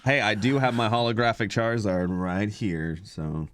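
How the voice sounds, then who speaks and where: A man's voice: lowish voice, fairly even intonation, normal speed, fairly bright tone. A man hosting a podcast in casual chat, rambling and hesitant, full of fillers, on a podcast microphone. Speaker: podcast host.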